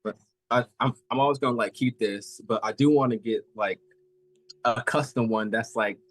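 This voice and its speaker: An eighteen-year-old man chatting casually as a collector guest, halting and filling every pause with "like". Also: medium pitch, no room sound, rough recording. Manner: halting, fills with "like" a lot. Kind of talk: casual chat.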